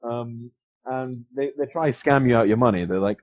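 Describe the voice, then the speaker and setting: A man's voice: medium pitch, normal speed. A young man hosting a podcast, telling a rambling, profane story with many fillers and restarts. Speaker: podcast host. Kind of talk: casual storytelling chat. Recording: dull lo-fi sound.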